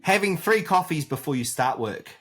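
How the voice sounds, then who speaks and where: A man's voice: on the high side, expressive, normal speed, fairly bright tone, slight background noise. A man co-hosting a podcast in casual chat, telling work stories and acting out customer exchanges. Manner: storytelling, acts out customer exchanges. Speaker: podcast co-host.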